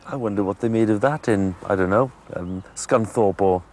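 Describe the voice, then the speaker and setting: A man's voice: lowish voice, normal speed, a little mellow. Male documentary presenter on location, conversational, faint outdoor noise. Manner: conversational, curious.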